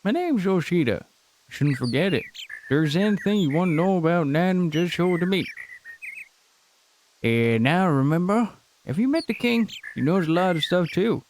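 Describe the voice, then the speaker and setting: Man doing a Southern villager, game dialogue read aloud, homey drawl, chummy, raised pitch. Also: lively intonation, normal speed, darkish tone, a little hiss or hum. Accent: put-on American Southern. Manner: drawling, homey, calls listener buddy. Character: friendly folksy male villager, chatty know-it-all.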